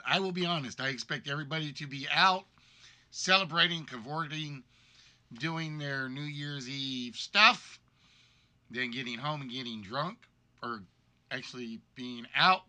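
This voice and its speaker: Hosting a game show livestream, a man rambles casually and apologetically about being sick, his voice weakened, congested, and worn by a cold. His pitch is fairly high and his pace measured, with a pushed, bright delivery.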